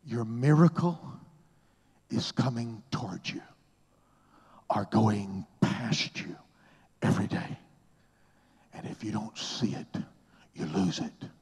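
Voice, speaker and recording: A man preaching a sermon, swinging between hushed whispers and loud, high exclamations in a husky voice. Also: lively intonation, slow, long pauses.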